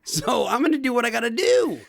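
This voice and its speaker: A man's voice: extremely high pitch, wildly swooping pitch, brisk, gravelly. A man co-hosting a casual gaming podcast, joking around and laughing as he talks. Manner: joking, laughs while talking. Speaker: podcast co-host. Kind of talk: casual chat.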